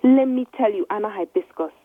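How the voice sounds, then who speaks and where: A woman reading a storybook voices an angry, proud street-seller girl, sharp and resentful. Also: a little high, animated, moderate pace, breathy edge, dry recording, pitched above the performer's own voice. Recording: dry, tinny phone-like line.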